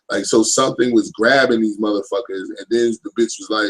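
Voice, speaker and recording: Man in his thirties, live-stream host, gravelly voice, fairly low, rambling, profane, casual. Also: fairly even intonation, fairly quick, hardly any pauses, rough recording. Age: 30s. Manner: rambling, profane, keeps asking "you know what I'm saying". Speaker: livestream host.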